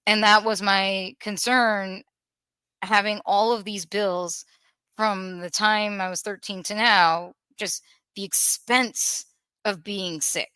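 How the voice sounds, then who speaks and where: A woman telling a painful personal story in an emotional, earnest way, pausing and restarting as she holds back tears. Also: medium pitch, steady tone, pushed and bright, smooth, dry recording. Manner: earnest, halting, with restarts and pauses. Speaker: podcast guest sharing a personal story.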